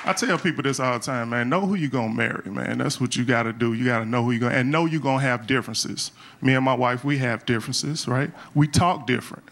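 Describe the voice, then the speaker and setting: A man's voice: mid-range voice, vocal fry, fairly bright tone. A middle-aged man doing a live stand-up routine on a club stage, talking in a loose, conversational way and often tagging lines with "man.". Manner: conversational, drawn-out "man" tag, acts out quotes. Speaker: stand-up comedian. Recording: live club recording with crowd and noise. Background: audience laughter.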